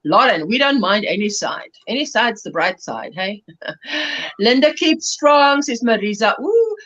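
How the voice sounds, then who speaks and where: A woman's voice: on the high side, sing-song, a little slow, a bit bright. A South African woman hosting a crochet livestream, chatting casually and laughing often as she reads viewer comments aloud. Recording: lo-fi livestream audio.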